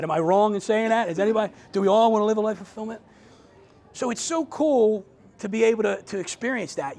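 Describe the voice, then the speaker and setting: A middle-aged man with a high-pitched, gravelly voice gives a motivational talk to a live group. He keeps it conversational, asks the audience questions and often stumbles into restarts. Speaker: author speaking to a group.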